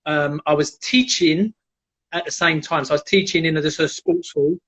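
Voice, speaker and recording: A man telling animated stories in a casual live chat and acting out the people in them. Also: on the high side, moderate pace. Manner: animated, acts out quoted voices. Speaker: guest, jiu-jitsu black belt. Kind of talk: casual storytelling on a live stream. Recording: dull lo-fi live stream audio.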